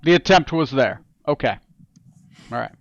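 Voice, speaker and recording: A man narrating as game master, relaxed and full of fillers and repeated words. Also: mid-range voice, moderate pace, creaky, muffled recording, slight background noise.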